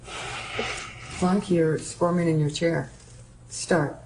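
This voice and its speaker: A woman calmly explaining and demonstrating training drills, speaking plainly with frequent fillers. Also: lowish voice, extremely slow, noisy background. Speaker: student and narrator.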